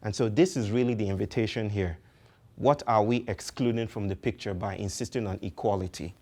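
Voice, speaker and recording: A man's voice: lowish voice, fairly quick, a little mellow. A man from Nigeria giving a poetic, philosophical public talk, stressing points through repetition. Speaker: speaker.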